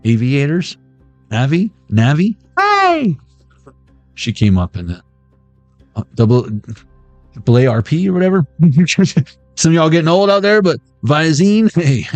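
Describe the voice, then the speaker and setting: A man's voice: fairly high pitch, lively intonation, normal speed, pauses often, darkish tone, no room sound, faint music behind. A man giving a casual, rambling intuitive tarot reading, free-associating words aloud and laughing often. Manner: rambling, word-associating, laughs often, sings snatches of old songs. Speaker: tarot reader.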